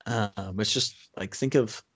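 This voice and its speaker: A man co-hosts a casual film chat in a lowish voice, recorded dry and close. He speaks in a measured way, filling pauses with "um" and "like". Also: a bit bright, no echo. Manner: frequent "um" and "like", measured. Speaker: podcast co-host.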